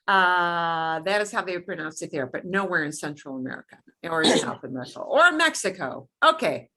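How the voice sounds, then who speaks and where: A middle-aged woman teaching beginner Spanish, modeling each pronunciation slowly and clearly. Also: on the low side, lively intonation, bright, forceful tone. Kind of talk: beginner language lesson.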